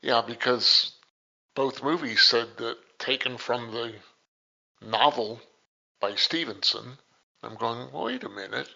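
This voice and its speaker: A man co-hosting a podcast, talking through a classic film in a slow, halting way and restarting his words. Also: medium pitch, steady tone, vocal fry, pushed and bright, dull audio. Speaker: podcast co-host. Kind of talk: casual film discussion.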